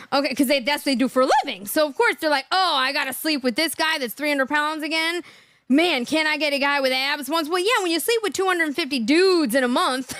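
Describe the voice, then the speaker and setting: A high-pitched woman hosts a reaction livestream and reads comments from her chat. She is animated and breaks into laughter often. The recording is dry and close. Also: dry recording. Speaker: livestream host.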